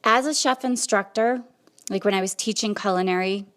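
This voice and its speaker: A woman hosting a podcast, telling a personal story in a conversational, animated way. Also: mid-range voice, moderate pace. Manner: conversational, animated retelling with quoted asides. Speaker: podcast host.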